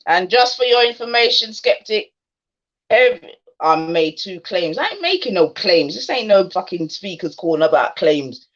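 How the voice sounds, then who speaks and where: A woman's voice: on the low side, big pitch swings, moderate pace, fairly bright tone. A woman hosting a livestream, taunting and confronting a skeptic in casual slang. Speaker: livestream host. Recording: dull lo-fi stream audio.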